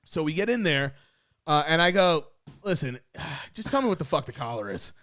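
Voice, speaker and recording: A young man from Puerto Rico spins a long, profane story for his podcast, his voice sitting fairly high. He talks in casual chat and keeps acting out the quotes. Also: big pitch swings, moderate pace, pushed and bright. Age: young adult. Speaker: podcast co-host.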